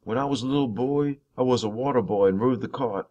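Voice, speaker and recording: A man reading a novel chapter aloud in first person, in a steady, unhurried storytelling way. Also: medium pitch, muffled recording.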